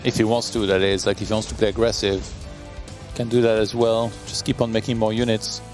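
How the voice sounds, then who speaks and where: A man's voice: fairly low pitch, flat delivery, fairly quick, darkish tone, soft background music. A man doing live esports play-by-play with dry, joking asides. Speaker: esports caster. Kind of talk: live game commentary.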